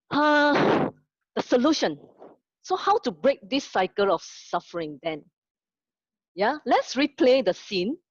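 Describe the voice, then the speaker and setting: A woman with a medium-pitched voice is heard on a dry recording with the highs cut off. Teaching an online class, she puts questions to her students and then tells a story to drive her point home.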